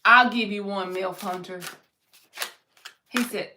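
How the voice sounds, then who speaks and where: A woman's voice: mid-range voice, steady tone, slow pace, pauses often, sharp tone, slight background noise. A woman giving a live-streamed tarot reading, reading viewers' comments aloud and answering them in an upbeat, encouraging way. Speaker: tarot reader.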